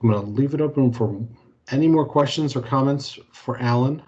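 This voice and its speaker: A man moderating a corporate training webinar over a video call, easygoing and halting, with many fillers. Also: mid-range voice, a little mellow. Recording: muffled video-call audio.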